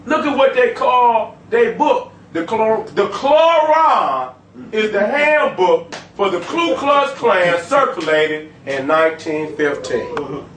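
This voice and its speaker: A man lecturing an audience in a profane, emphatic street style, swinging between loud and low. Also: expressive, slow, reverberant, distant mic, a little hiss or hum, rough recording. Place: room with a live audience.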